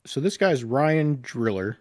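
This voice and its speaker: A man's voice: mid-range voice, lively intonation, measured pace, a little mellow, dry recording, studio quality. A man co-hosting a casual podcast, retelling scenes in a crude, rambling way full of swearing. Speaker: podcast co-host.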